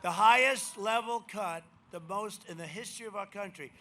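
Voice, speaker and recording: An older man giving a campaign rally speech, rambling and boastful, swinging between shouted lines and muttered asides. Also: high voice, moderate pace. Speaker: political speaker at a rally. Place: outdoor rally crowd.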